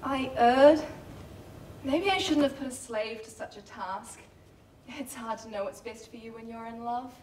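A woman acting a lovesick, anxious young man in a stage play, with a lively, exasperated delivery. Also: fairly high pitch, unhurried, close to an everyday voice. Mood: fretful. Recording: echoey hall, mic far off, faint noise.

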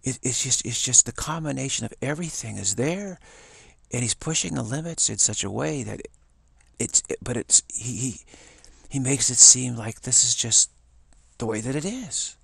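A man with a gravelly, slightly husky voice talks on in a loose, rambling monologue, stumbling over restarts and repeated words. His pitch sits mid-range, he grows animated and excited as he talks, and the sound is dry and close. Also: normal speed, dry recording. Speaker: talk host. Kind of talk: casual monologue.

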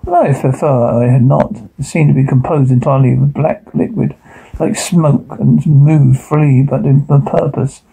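A man reading a first-person horror story aloud, halting now and then with stumbles and restarts. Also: medium pitch, fairly even intonation, creaky, dark tone, slight background noise, poor audio. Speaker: narrator.

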